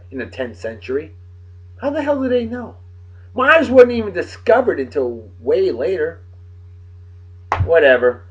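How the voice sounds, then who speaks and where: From Martha's Vineyard, Massachusetts, a man with a local accent hosts a casual daily beer video, reading this-day-in-history facts and tossing in profane, wisecracking asides. His fairly high, fairly bright voice swoops wildly in pitch at a moderate pace with frequent pauses, and the recording is dull and lo-fi.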